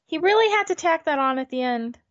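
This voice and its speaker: A woman's voice: high-pitched, animated, a little fast. A woman co-hosting a podcast, chatting casually with wry questions and asides. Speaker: podcast co-host. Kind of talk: casual chat. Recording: dull lo-fi recording.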